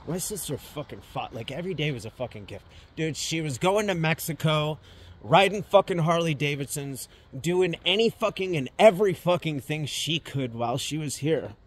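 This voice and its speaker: A man's voice: fairly high pitch, animated, moderate pace. A man giving a personal monologue, talking bluntly and swearing often, with sudden emphatic swells.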